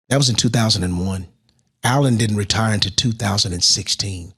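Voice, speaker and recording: A middle-aged man, a guest in an interview, telling his life story with lively swells and sudden quiet drops. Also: on the low side, moderate pace, husky. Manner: animated storyteller who drops to a hush at emotional moments. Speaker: interview guest, motivational speaker.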